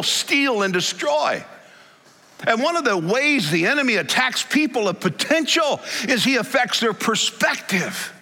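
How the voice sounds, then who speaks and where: A man's voice: sits high, bright, forceful tone. A man preaching a sermon in a church sanctuary, in an emphatic style that stresses single words. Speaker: pastor. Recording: long hall reverb.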